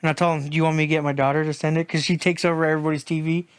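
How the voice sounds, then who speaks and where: A man with a notably high voice tells rambling stories on a casual podcast. He talks loosely and fills gaps with "like" and "you know" as he goes. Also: flat delivery, very fast, smooth. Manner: loose, rambling anecdote-telling with filler words. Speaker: podcast co-host. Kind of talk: casual chat.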